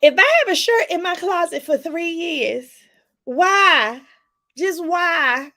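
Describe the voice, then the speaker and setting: High-voiced chatty life coach woman. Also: takes it slowly, a little hiss or hum. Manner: chatty, laughs often, talks to viewers as "y'all"; lively, pitch jumps up for emphasis. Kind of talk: casual live-stream talk.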